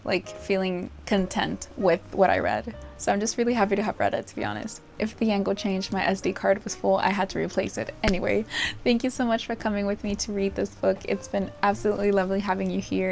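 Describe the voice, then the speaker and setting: A young woman talking casually as a book vlogger, gushing and animated, laughing often and swearing now and then. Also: mid-range voice, vocal fry. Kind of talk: casual chat.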